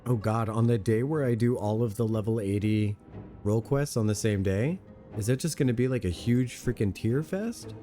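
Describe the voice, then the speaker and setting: A man's voice: lowish voice, moderate pace, dark tone, faint music behind. A man from Europe giving playful, chatty commentary as he streams a game, laughing at his own jokes. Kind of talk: casual gameplay commentary.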